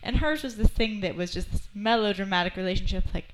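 A woman's voice: medium pitch, fast talker, slight background noise, low-quality recording. A woman co-hosting a casual TV recap chat, telling it animatedly and quoting the characters. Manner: animated storyteller, quotes characters. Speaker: podcast co-host.

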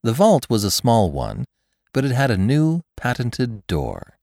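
A man reading a classic short story aloud as a podcast narrator, with measured, expressive storytelling on a close mic. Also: mid-range voice, gravelly, no echo. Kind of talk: scripted audiobook narration.

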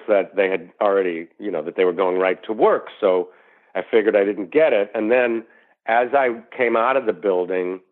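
Brief: low-pitched male actor, lively anecdote teller, tinny phone-line sound. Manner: animated storyteller who acts out quoted voices. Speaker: actor guest. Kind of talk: storytelling interview anecdote.

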